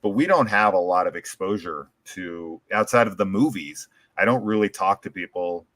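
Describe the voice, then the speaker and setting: A man's voice: deep voice, moderate pace, a bit bright, no room sound. An American man chatting casually as a podcast host, rambling with lots of "like" and restarts. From United States. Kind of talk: casual chat.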